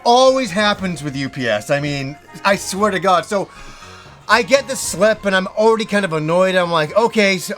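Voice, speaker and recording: A high-pitched man hosts a casual vlog and tells a story in an animated way. He acts out his own past reactions as he goes. Soft music plays faintly behind him. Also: moderate pace. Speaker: host.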